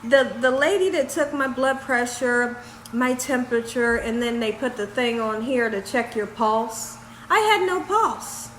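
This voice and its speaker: A woman telling a story on her home vlog in a lively, laughing way. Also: a little high, unhurried. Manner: animated, laughs while telling. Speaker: vlogger. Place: home kitchen. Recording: echoey room, faint background noise.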